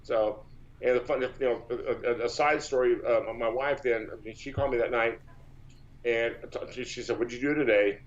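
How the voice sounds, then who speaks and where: A man's voice: medium pitch, steady tone, moderate pace. Rambling man telling stories, lo-fi sound. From Texas. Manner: rambling, with many false starts and repeats. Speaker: powerlifter guest. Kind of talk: casual storytelling interview.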